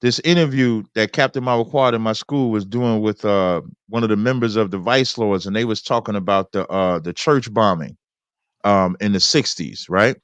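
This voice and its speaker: A man hosting a debate who reads scripture aloud in a preacherly way, slowing down for the verses. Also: lowish voice, smooth, no room sound. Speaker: host.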